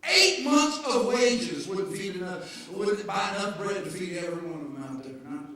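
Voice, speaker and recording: A man preaching an animated sermon as pastor, joking and shouting to his congregation. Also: sits high, moderate pace. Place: church sanctuary. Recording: echoey church hall heard from far off.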